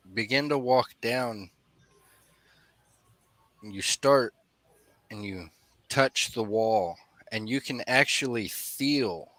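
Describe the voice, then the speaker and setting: A young man narrates a tabletop adventure as dungeon master, taking his time over every detail. His voice sits low yet sounds bright and forward. The recording is dry, with little room sound. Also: no room sound. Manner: slow, deliberate scene-setting narration.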